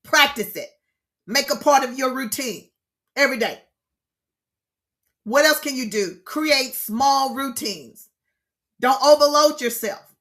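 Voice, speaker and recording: Bright, exclaiming woman counselor. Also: sits high, a little slow, long pauses. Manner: expressive, preacher-like, exclaims and repeats key phrases. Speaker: grief counselor leading an online session. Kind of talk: lively teaching talk to an online group.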